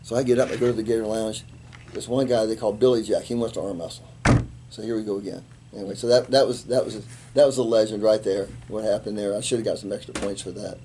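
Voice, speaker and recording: A man in his seventies, a retired Army colonel, telling animated stories in an interview and acting out the quotes. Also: lowish voice, fast talker, background noise. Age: 70s. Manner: animated anecdote teller, acts out quotes, laughs. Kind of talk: storytelling in an interview.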